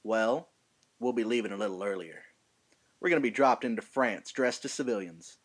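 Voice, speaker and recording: A man's voice: lowish voice, normal speed, breathy edge. A man putting on a swaggering Southern army lieutenant. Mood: menacing swagger. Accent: American Southern, put on. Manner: drawling, swaggering speech to recruits. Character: brash male Southern army lieutenant, ruthless. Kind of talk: amateur film monologue reading.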